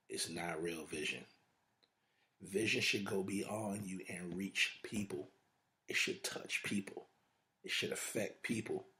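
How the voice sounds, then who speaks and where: Male podcast host, lowish voice, preacher-style motivational talk, stacks repetitive lists and rhetorical questions. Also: fairly bright tone.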